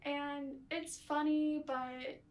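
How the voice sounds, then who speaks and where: A young woman co-hosts a casual movie review chat with a bright, high voice. She sounds bubbly and quick to gasp or giggle. She is caught from some distance from the microphone. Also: level tone. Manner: bubbly, laughs and gasps often. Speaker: podcast co-host. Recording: roomy, far from the mic.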